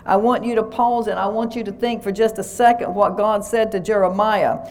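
A woman's voice: medium pitch, steady tone, moderate pace, a little mellow. A woman pastor preaching a sermon, reading scripture aloud and breaking each quote with "he says".

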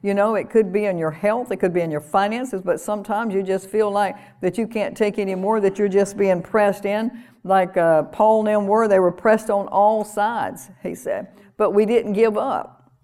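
A woman preaching a sermon in an earnest, conversational way, repeating phrases and laughing softly now and then. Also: mid-range voice, fairly even intonation, normal speed.

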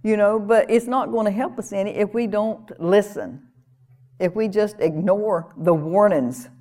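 A woman's voice: medium pitch, a little slow, mellow. Earnest woman preaching a sermon. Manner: earnest, conversational preaching with small laughs and repeated phrases.

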